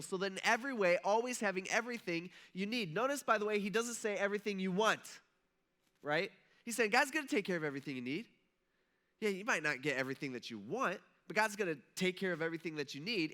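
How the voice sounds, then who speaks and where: Bright, casual-sounding male pastor. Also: sits high. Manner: casual, storytelling, acts out quotes. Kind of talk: sermon. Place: church auditorium.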